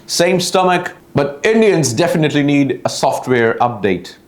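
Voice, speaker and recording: A man's voice: on the high side, animated, normal speed. A young Pakistani man with a Pakistani English accent hosting a satirical news show, mocking each story and laughing through his own jokes. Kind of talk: satirical news comedy monologue. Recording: roomy, echoey room.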